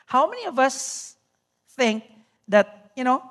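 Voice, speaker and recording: A pastor with a Cebuano Filipino accent, preaching a sermon in a church with lively rhetorical questions and bits of Cebuano. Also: male voice, extremely high pitch, takes it slowly.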